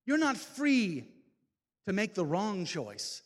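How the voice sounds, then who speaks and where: A man's voice: high voice, huge pitch swings, slow. Fervent man preaching in a hall. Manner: fervent, preacherly, builds to loud exhortations. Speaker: speaker giving a testimony talk. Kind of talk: impassioned testimony talk. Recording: long hall reverb.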